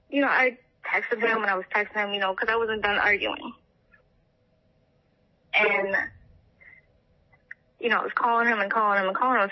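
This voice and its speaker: A young woman tells her story haltingly, with fillers and restarts. Her voice sits mid-pitch. The recording is a bit dull and lo-fi. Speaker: interviewee, partner of the missing man. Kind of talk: emotional personal account.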